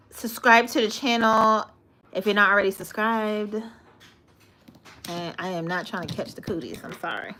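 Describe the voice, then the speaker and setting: A woman's voice: medium pitch, expressive, normal speed, pushed and bright, a little hiss or hum. A young woman hosting a casual live stream, answering viewer comments with frequent giggles and stumbles over her words. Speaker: livestream host.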